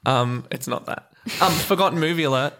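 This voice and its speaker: A man's voice: fairly high pitch, brisk, fairly bright tone. A man co-hosting a podcast in casual chat, enthusiastic and rambling with frequent restarts. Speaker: podcast co-host.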